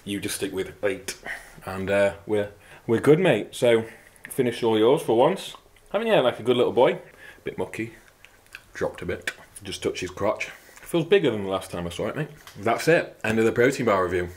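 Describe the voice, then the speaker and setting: A young man with a lowish voice hosts a fitness channel, delivering a casual product review at normal speed with lively intonation. He's crude and joking, swearing heavily throughout.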